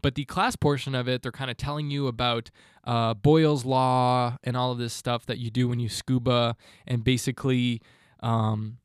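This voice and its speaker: A man's voice: mid-range voice, clean tone, no room sound, studio quality. A man in his twenties hosting a solo podcast, talking in a fired-up, motivational ranting way. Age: 20s. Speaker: podcast host.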